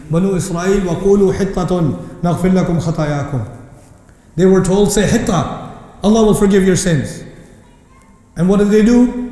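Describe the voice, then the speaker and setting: A man giving an impassioned lecture on Quran verses, mixing English with Arabic recitation and rising to near shouting. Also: high voice. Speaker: Islamic lecturer. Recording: echoey hall reverb.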